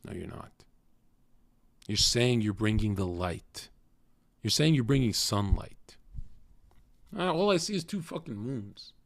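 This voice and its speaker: A man's voice: on the low side, expressive, unhurried, gravelly, pauses often, no echo. A young man streaming and lecturing his chat in a crude, cocky, swearing monologue. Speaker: livestreamer talking to chat. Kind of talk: casual blunt stream monologue.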